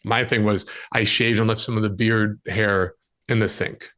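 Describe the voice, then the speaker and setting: A man's voice: on the low side, fairly even intonation, normal speed, a bit bright. A man who works as a dating coach, giving direct relationship advice as a podcast guest in a casual conversation. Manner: direct, coaching, acts out scenes with quoted voices.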